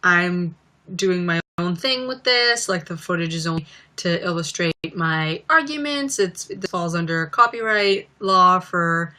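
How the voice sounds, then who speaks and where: A woman's voice: fairly low pitch, a little slow, bright, forceful tone. A young woman chatting casually on a live stream, a little stuffy from a cold, often giggling and acting out bits in silly voices. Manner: giggly, acts out comedy sketches in silly voices.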